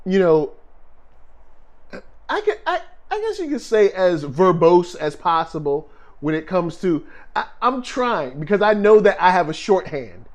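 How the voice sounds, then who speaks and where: A man's voice: high-pitched, very animated, a little slow. Laid-back man co-hosting a chat. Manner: laid-back, laughs often, reads out viewer comments. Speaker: podcast co-host. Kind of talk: casual chat.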